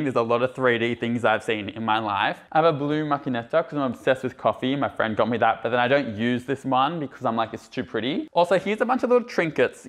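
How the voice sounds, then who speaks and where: A man's voice: medium pitch, fairly bright tone. A young man giving a bubbly, gushing tour of his small apartment in casual vlog chat, full of "like" fillers, recorded indoors on a handheld camera.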